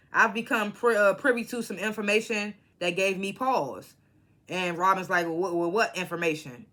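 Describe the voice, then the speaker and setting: Woman, casual recap vlogger, bright, blunt and profane, animated storyteller. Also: medium pitch.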